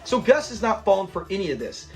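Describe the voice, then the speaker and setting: A man with a high voice chats casually through a sitcom episode he loves, quoting the characters' lines and breaking into laughter. His delivery is animated and full of playful mimicry. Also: quick pace, faint music behind. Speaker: host of a show review channel.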